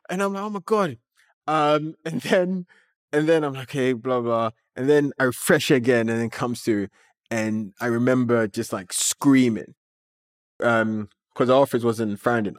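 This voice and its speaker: A man, a company founder, telling a story as an interview guest in an animated way, with many filler words. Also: medium pitch, dry recording, clean studio sound.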